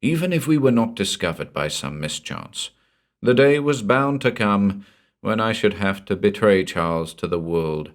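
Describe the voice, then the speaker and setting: Deep-voiced man narrating a horror story. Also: animated, moderate pace. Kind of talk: scripted horror audiobook narration.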